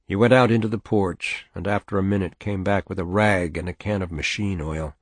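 Deep-voiced man narrating a story. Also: fairly even intonation, fairly quick, few pauses, dry recording. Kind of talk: scripted narration of a short story.

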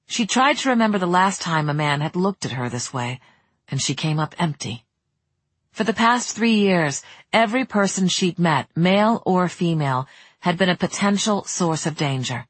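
An audiobook narrator reading a romance in a measured, even way, close to the mic. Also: mid-range voice, slightly rough, dry recording. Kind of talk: scripted narration.

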